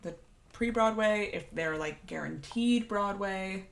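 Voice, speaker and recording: A woman's voice: medium pitch, slow, vocal fry. A woman co-hosting a theatre podcast, chatting casually and laughing often. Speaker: podcast co-host. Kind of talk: casual chat.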